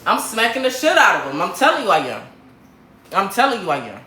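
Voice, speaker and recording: Woman from Michigan, livestream host, blunt and profane, lively swooping pitch, roomy echo. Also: a little fast, slight background noise. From Grand Rapids, Michigan, USA. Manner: blunt, profane, animated ranting. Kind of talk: casual livestream chat with viewers. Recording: roomy echo, faint background ambience.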